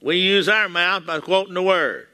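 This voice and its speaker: Older Texan man, pastor preaching a folksy sermon, high voice with a very bright, sharp tone. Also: moderate pace, clean tone. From Texas. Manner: folksy storytelling with acted-out quotes.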